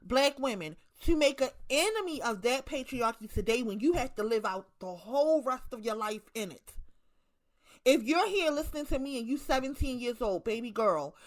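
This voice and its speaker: A Baltimore-accented woman in her thirties, working as an online commentator, speaks to her viewers in a casual monologue. Her voice sits on the high side and sounds animated at a normal pace. She is blunt and profane, driving her points home through repetition.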